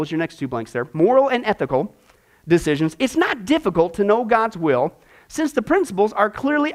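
A man's voice: high voice, fairly bright tone. A man teaching a discipleship Bible class, asking rhetorical questions and acting out little voices as he goes.

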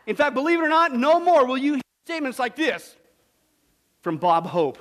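A man preaching a sermon with jokes, animated, swinging from loud to hushed. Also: extremely high pitch, moderate pace. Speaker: pastor.

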